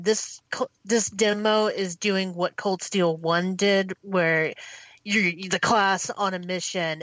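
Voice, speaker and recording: A woman's voice: fairly low pitch, fairly bright tone, dry recording. A woman co-hosting a casual gaming podcast who talks in an easygoing way and laughs along with the others. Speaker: podcast co-host.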